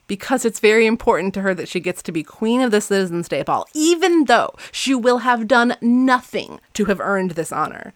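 A woman's voice: mid-range voice, a bit bright, no echo, clean studio sound. A young woman co-hosting a casual book podcast, laughing often and reading passages aloud. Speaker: podcast co-host.

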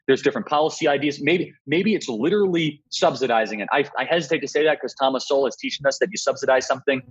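A young man speaks quickly and emphatically, pressing his points one after another. His voice is husky and a little raspy. The audio sounds dull and lo-fi. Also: medium pitch. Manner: emphatic, rapid argumentative delivery. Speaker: guest, political activist. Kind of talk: political interview.

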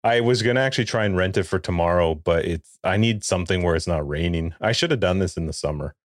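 A man's voice: sits low, fast talker, no echo, clean studio sound. A man in his forties, a podcast co-host, telling a funny family story in casual chat and acting out the quotes. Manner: animated storyteller, acts out quotes.

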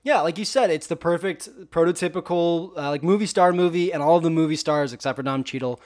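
A young man co-hosting a podcast, casually talking about films in a relaxed, joking way. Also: a little high, fast talker. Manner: relaxed, joking, says dude. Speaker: podcast co-host. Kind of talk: casual movie review chat.

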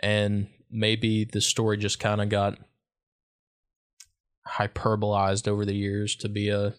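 This is a man co-hosting a podcast in loose, casual chat. His voice sits somewhat low, and he jokes easily and often leaves sentences unfinished. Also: completely flat delivery, measured pace, clean tone. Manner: easygoing, joking, trails off mid-sentence. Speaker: podcast co-host.

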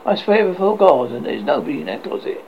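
A man's voice: fairly high pitch, sing-song, moderate pace, vocal fry. A man reading aloud, voicing an anxious, dignified French noblewoman who speaks timidly and solemnly. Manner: timid, then solemn and pleading. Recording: slightly dull, faint hiss.

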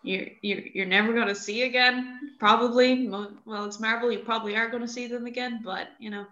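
Bright-voiced young woman on echoey lo-fi mic. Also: fairly high pitch, fairly even intonation, brisk. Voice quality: chatty, lots of fillers, gushing. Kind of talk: casual chat. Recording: dull, echoey room sound.

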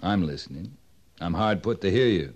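An actor playing a plain-spoken cavalry captain, blunt and mildly exasperated. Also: male voice, low voice, animated, normal speed, a little mellow, dull audio. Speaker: army captain. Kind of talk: vintage TV western drama.

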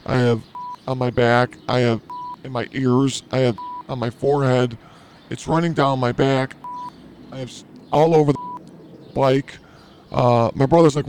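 A man's voice: medium pitch, unhurried, gravelly, long pauses, a little mellow. A man hosting a podcast, telling a crude story in a rambling, self-mocking comedic way. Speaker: podcast host.

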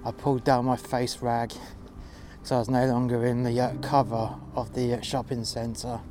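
A man's voice: medium pitch, little pitch movement, moderate pace, mellow. A man from West London with a London accent, narrating his own revenge story outdoors in a profane, menacing way, over music. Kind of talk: first-person storytelling monologue. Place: outdoors in freezing cold.

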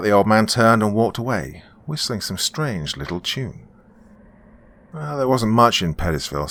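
A man narrating a scripted horror story in a steady storytelling manner. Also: on the low side.

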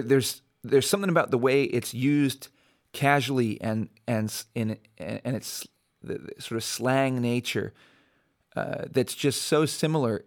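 An American man talks through his own podcast in an easygoing, reflective way, often stopping to restart his sentences and reach for words. His voice sits at an ordinary middle pitch, neither deep nor high. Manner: rambling, many restarts and fillers. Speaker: podcast host. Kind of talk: casual solo podcast monologue.

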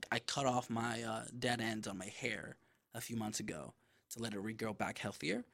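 A man hosting his own podcast, casually telling a story in a loose, profane, animated way with lots of asides. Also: medium pitch. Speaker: podcast host.

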